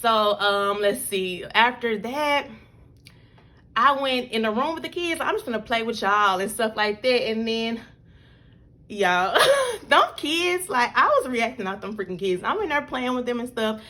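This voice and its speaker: A young woman vlogging to her camera in a casual storytelling style. Her voice is bright and forceful and sits a little high. She talks loosely and animatedly, scattering "like" and "y'all" throughout. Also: unhurried. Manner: chatty, animated, full of likes and y'all.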